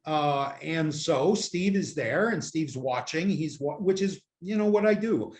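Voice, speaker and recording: A man's voice: fairly high pitch, animated, a little slow. An older man from the United States, a guest in a casual interview, talking at length in a rambling, self-mocking way with many fillers, picked up by a laptop microphone. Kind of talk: casual video-call interview chat. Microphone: laptop camera microphone.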